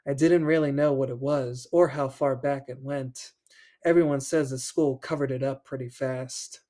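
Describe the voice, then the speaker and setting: A man's voice: medium pitch, steady tone, normal speed, warm tone. A man hosting a podcast, reading a children's horror book aloud and breaking off for joking asides, laughing between passages. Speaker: podcast host.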